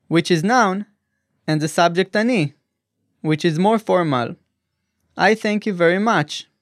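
A man teaching a language lesson in a scripted voice-over, speaking slowly and carefully sounding out each syllable. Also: high voice, dry recording, studio quality. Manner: slow, careful enunciation of syllables.

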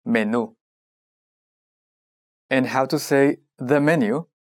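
A narrator running a scripted language lesson, prompting the listener and modelling each word slowly and deliberately. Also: medium pitch.

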